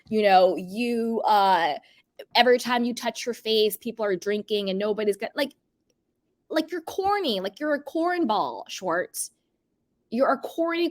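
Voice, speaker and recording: A woman hosting a reality TV commentary vlog, blunt and emphatic, scolding the people she talks about. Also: fairly high pitch. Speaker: commentary channel host.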